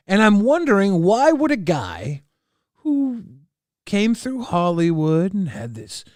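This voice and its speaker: A man streaming live, reacting to clips with brash jokes and loud rhetorical questions. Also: sits high, gravelly, no echo, studio quality.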